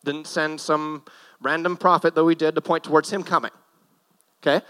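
A man's voice: on the high side, level tone, normal speed, fairly bright tone, smooth, rough recording. Joking young man preaching casually. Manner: joking, self-deprecating, nervous asides. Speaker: guest preacher. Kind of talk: casual sermon. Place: church stage.

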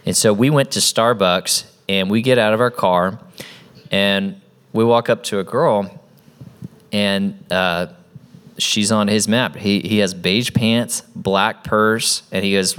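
A man with a fairly low voice tells a story in relaxed conversation. He talks about ministry training and acts out the people in his story as he goes. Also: measured pace. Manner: animated storyteller acting out quoted people. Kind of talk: storytelling in a casual talk.

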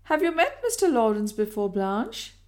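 A woman's voice: a little high, very animated, moderate pace. A woman voicing a small, eager hostess who bustles about calling out to her guests. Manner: bright, eager exclamations.

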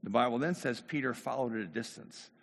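A mid-range, brisk voice with vocal fry belongs to this preaching pastor. He narrates a story and plays out the quoted voices of its characters, echoing through a long hall reverb.

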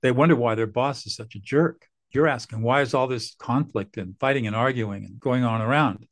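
A man's voice: mid-range voice, moderate pace. An older man, a mediator guest on a podcast, explaining earnestly and acting out what parents and bosses say. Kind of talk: podcast interview.

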